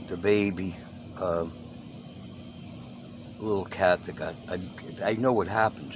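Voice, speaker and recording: A man with a fairly low voice talks very slowly into a phone he holds outside, wandering from thought to thought and trailing off. The phone recording carries a steady hum of air conditioning and passing cars behind him. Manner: meandering, trailing off and restarting. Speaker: vlogger. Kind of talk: rambling handheld phone vlog. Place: outdoors among stray cats. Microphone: phone held in hand. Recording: phone audio with clear ambient noise.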